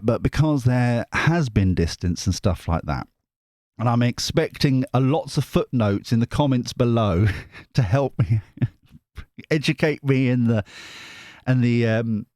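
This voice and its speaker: A man's voice: medium pitch, animated, unhurried, darkish tone, no echo. A man hosting a tarot channel, chatting casually to camera in a rambling, jokey way that keeps interrupting itself. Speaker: tarot reader and channel host.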